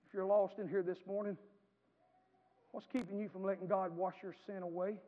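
A man preaching a sermon as pastor, in a folksy storytelling manner that swells into impassioned shouting. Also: high voice, flat delivery, normal speed. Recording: echoey hall, dull lo-fi sound.

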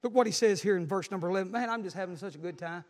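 A male pastor preaching a sermon in a church, fervently crying out and shouting in bursts. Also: sits high, racing, long reverb tail.

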